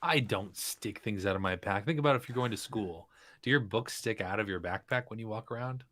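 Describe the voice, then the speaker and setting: A man playing a tabletop role-playing game, chatting in an animated, joking way. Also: lowish voice, fairly quick, no echo. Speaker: player.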